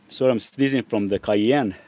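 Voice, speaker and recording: A man's voice: medium pitch, fairly bright tone, no room sound. A man hosting a casual live Q&A outdoors in a backyard with chickens. He rambles, restarts his sentences and leans on the word "actually". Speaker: host.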